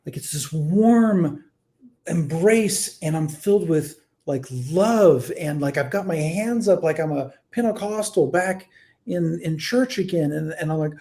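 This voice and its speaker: A man in his thirties telling a personal story in casual conversation, rambling with many fillers and restarts, swinging between quiet and animated. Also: on the high side, a little slow.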